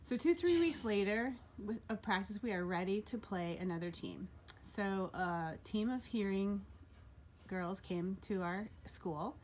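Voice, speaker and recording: A woman tells a personal story in the first person, her delivery animated and lifting sharply whenever she acts out what people said. She slows down to linger on key details, with a pitch that sits in a middle range. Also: a little hiss or hum. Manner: animated, voice jumps up for quoted lines.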